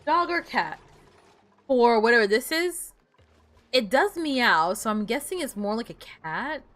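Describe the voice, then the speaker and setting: Woman, game streamer, casual chat, slightly high voice, very lively pitch, mutters, playful. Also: unhurried. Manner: chatty, mutters to herself, playful outbursts.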